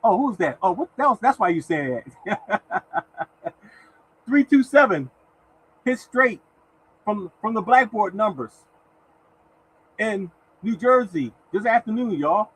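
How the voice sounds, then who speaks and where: Slow and very animated, a high-voiced man with a breathy edge hosts a lottery-picks livestream, leaving long pauses. He talks repetitively and exhortatively, addressing everyone as "y'all" and thanking chat viewers by name from time to time. The recording is rough.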